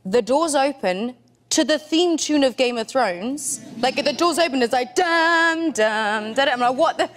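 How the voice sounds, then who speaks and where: A woman guest on a television chat show, talking in a giggly, animated way and slipping into voices as she tells stories. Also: high-pitched, moderate pace, a little hiss or hum. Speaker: actress guest.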